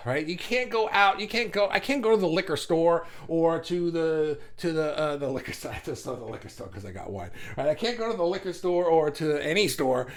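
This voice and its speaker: A man's voice: on the high side, brisk, few pauses. Rambling man hosting a spiritual chat. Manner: rambling, animated, laughs and sighs often. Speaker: spiritual channel host. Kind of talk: casual livestream talk.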